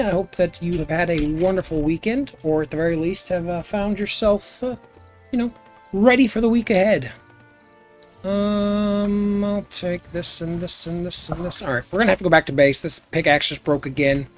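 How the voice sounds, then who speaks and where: A man's voice: high-pitched, steady tone, moderate pace, soft background music. A man live-streaming a building game, chatting casually and goofily with his viewers as he plays. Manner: rambling, goofy, chats with viewers while playing. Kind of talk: casual gameplay stream chat.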